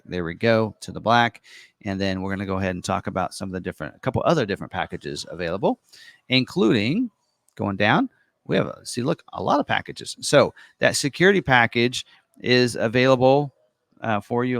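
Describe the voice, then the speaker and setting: A man giving a casual, unscripted walkthrough of an online configurator, chatty and full of ums and quick self-corrections. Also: on the low side, creaky, a bit bright, no echo, studio quality. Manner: casual and chatty, many ums and uhs, corrects himself on the fly. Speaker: car presenter walking through an online configurator.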